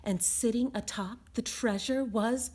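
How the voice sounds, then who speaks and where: A woman reading a children's picture book aloud as a storyteller, expressive and sing-song. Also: fairly high pitch, a little slow, husky.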